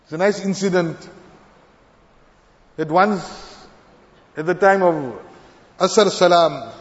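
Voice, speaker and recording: A man's voice: high voice, slow pace. Earnest preacher man in echoing hall. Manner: earnest, rising emphasis on key points. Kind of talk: sermon. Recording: dull lo-fi sound with long hall reverb.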